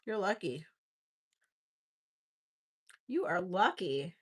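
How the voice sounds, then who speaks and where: A woman's voice: fairly low pitch, animated, very slow. A middle-aged woman hosting a live vintage jewelry sale, chatting in a casual, rambling way with lots of "like"s. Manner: chatty storytelling, many "like"s, laughs easily. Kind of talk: casual chat with live auction calls.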